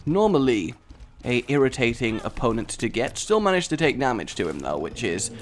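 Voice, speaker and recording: A young British man giving jokey, excitable commentary over a video game from a home setup, with sudden loud outbursts. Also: mid-range voice, normal speed. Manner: excitable, jokey, sings and puts on voices. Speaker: gaming commentator. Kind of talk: let's play commentary.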